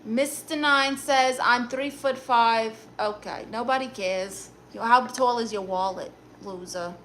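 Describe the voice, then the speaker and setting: A woman's voice: a little high, a bit bright, slight background noise. A woman with a Brooklyn accent voicing a blunt, sassy aunt who reads viewer comments and gives dating advice on a live stream. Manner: blunt, sassy, quick comebacks.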